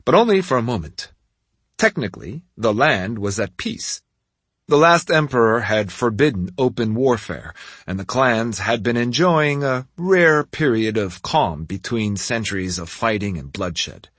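A husky male narrator reading a first-person story at an unhurried pace. His pitch moves expressively through the lines, and the recording is dry and close with no room sound. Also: expressive, a bit bright, dry recording. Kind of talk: scripted audiobook narration.

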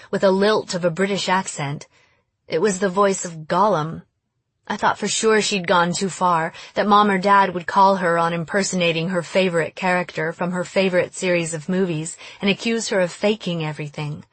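A woman narrating an audiobook in a steady storytelling voice. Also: on the low side, no room sound. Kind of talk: scripted narration.

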